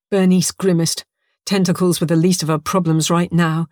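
A woman narrating an audiobook in a lively, expressive storytelling manner. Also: fairly low pitch, moderate pace, no room sound, clean studio sound.

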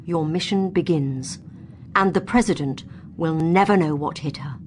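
A woman's voice: fairly high pitch, expressive, moderate pace, a little hiss or hum, lightly acted. A woman voicing a scheming male villain who speaks in a gloating, sneering way.

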